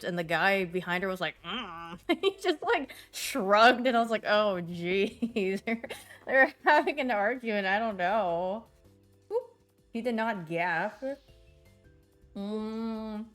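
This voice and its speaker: A young woman livestreamer chatting casually, rambling and giggly with sudden excited squeals. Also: medium pitch. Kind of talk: casual stream chat.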